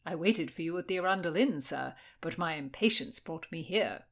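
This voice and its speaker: A woman voicing a jovial, unflappable gentleman uncle who speaks heartily and theatrically in an audiobook. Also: lowish voice, lively intonation, normal speed. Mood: hearty.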